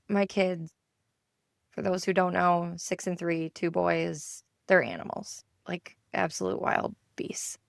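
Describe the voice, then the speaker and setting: Woman in her 30s, podcast co-host, casual storyteller, low and gravelly, dry close sound. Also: dry recording. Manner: animated storytelling, acting out her kids' voices. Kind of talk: casual chat.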